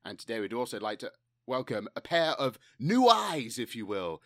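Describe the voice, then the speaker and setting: A man's voice: medium pitch, sing-song, moderate pace, a bit bright, dry recording, studio quality. A man from the UK co-hosting a podcast, laughing a lot and asking long, rambling questions. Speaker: podcast co-host. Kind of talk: casual chat.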